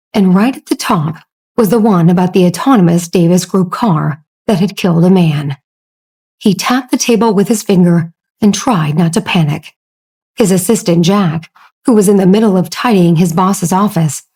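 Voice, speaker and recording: Mellow, breathy woman narrating an audiobook. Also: fairly low pitch. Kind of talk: scripted narration.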